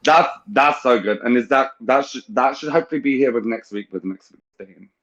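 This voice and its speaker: A man's voice: medium pitch, fairly quick, fairly bright tone, dull audio. A man hosting a casual chat on a video call, emotional and teasing, who swears freely. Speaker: podcast host.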